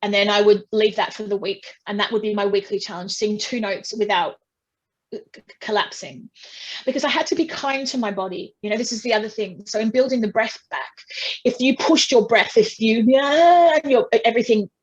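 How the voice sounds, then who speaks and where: A woman's voice: mid-range voice, fairly quick, slightly rough, highs cut off. Chatty woman singer telling her story. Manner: chatty, restarts often, acts out quotes. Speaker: singer being interviewed. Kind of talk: casual interview talk.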